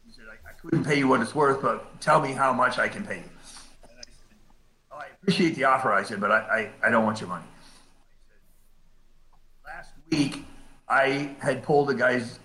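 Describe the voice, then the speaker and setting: A man recounts his own story in easy, casual speech, slipping into the voices of the people he quotes. His tone is bright and forceful. The room around him is noticeably echoey. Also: medium pitch, moderate pace, long pauses. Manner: animated retelling, acts out quoted dialogue. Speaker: volunteer rescue cave diver.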